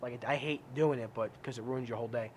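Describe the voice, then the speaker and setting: A man co-hosting a casual podcast chat, telling lively stories, acting out his own outbursts and swearing freely. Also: medium pitch, fast, slight background noise. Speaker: podcast co-host.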